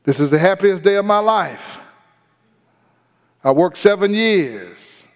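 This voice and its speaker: A man's voice: sits high, animated, takes it slowly, clear, resonant tone, big-room sound, pitched above the performer's own voice. A man preaching voices a lovestruck young groom, speaking his thoughts with emphatic exclamations. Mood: musing.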